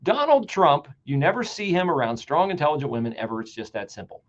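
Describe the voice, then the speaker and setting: A man hosting a political talk show, delivering an animated, sarcastic and emphatic monologue. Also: on the high side, a little fast. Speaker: radio talk show host. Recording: dull lo-fi sound.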